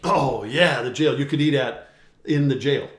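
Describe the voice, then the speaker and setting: A middle-aged man hosts a casual live-stream chat with his co-host, trading jokey, teasing banter. His voice sits at a middle pitch and rings in an echoey room. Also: normal speed.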